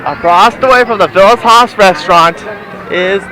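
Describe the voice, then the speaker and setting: A man's voice: sits high, moderate pace, soft background music, a faint crowd, poor audio. A young man vlogging while walking outdoors in a theme park, rambling with restarts and slightly out of breath, recorded on a handheld camera. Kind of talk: casual walking vlog. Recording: outdoor camera audio with loud ambient noise.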